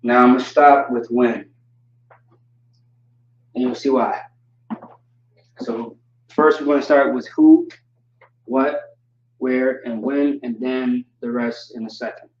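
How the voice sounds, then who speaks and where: Man teaching slowly from far off in an echoey room. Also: medium pitch, steady tone, slight background noise. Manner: slow, deliberate explaining with frequent fillers. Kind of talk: livestream teaching. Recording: distant, echoey and dull lo-fi audio.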